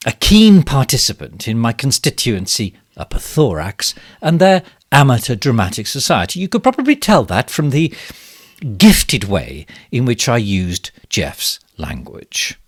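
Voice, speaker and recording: A pompous, bumbling minister full of smug self-regard in a comic monologue. His pitch swoops wildly from low murmurs to sudden high exclamations while he drawls at an unhurried pace. The sound is dry and close, with no room around it. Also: no room sound. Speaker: satirical character monologue. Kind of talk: comic monologue as a fake live stream.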